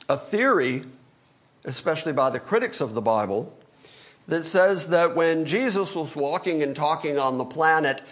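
A man's voice: mid-range voice, a bit bright. A male pastor teaching through a Bible passage in an emphatic sermon, acting out the quoted lines. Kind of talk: expository sermon.

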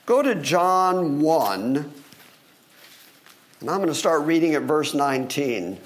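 A male pastor delivering an animated sermon. His voice sits high and swings widely in pitch as he acts out the questions of the people in the story. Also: slow.

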